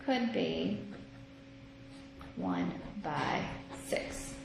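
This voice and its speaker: A woman teaching a math lesson, slow and patient, thinking out loud as she works through examples. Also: on the low side, sing-song, creaky. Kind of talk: recorded classroom lesson. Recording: echoey room with noise.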